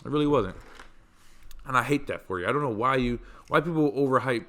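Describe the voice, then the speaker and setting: A man hosting a podcast, telling stories in a casual, animated way, swearing freely and stressing points through repetition. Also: medium pitch, a little fast. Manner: animated, profane, emphatic repetition. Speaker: podcast host. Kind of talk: casual storytelling chat.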